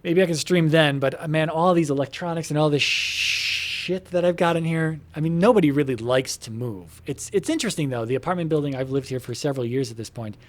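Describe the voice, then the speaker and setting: A man's voice: on the high side, a little fast, few pauses. A man casually chatting to viewers from his home computer room while he plays a game, meandering with lots of fillers, casual swearing and asides about the game. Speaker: gamer talking to viewers while playing. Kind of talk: casual rambling chat while gaming.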